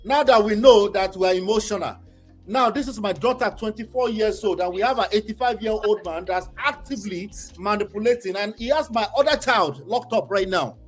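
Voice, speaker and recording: A man's voice: high-pitched, brisk, breathy edge, soft background music. A man with a Nigerian accent hosting a heated panel debate, pressing his points by repeating them. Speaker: host.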